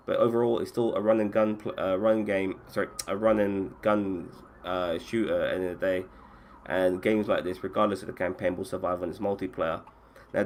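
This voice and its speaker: A man hosting a podcast and running a casual chat about video games, swearing freely and often restarting his sentences. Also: on the low side. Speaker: podcast host.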